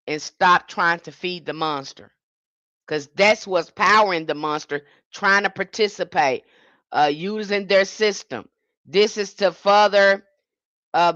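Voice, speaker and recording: A woman's voice: on the low side, a bit bright, no echo, dull audio. A woman hosting a livestream, giving an impassioned monologue with emphatic, indignant restarts. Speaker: livestream host.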